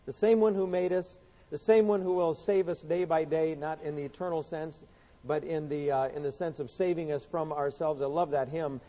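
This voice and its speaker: Male preacher, high voice, earnest sermon delivery with a storyteller's repeats, long hall reverb. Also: fairly even intonation, normal speed, warm tone.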